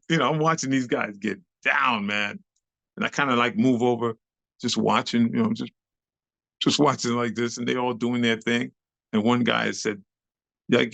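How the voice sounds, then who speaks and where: A middle-aged man, a club dancer telling a lively, slangy story as an interview guest and acting out the voices of the people in it. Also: mid-range voice, moderate pace, gravelly, no echo. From New York City. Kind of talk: animated storytelling.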